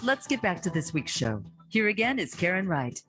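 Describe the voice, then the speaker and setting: A woman announcer reads a scripted radio break. She speaks slowly and deliberately, and her voice moves freely up and down. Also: fairly low pitch, big pitch swings, a bit bright, soft background music. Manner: slow, deliberate reading of numbers. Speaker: program announcer.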